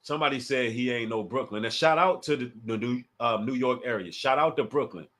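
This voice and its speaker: A man's voice: mid-range voice, fairly quick, a bit bright. A man from the Washington, D.C. area hosting a casual livestream, taunting a rival and talking straight to his chat. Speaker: livestream host.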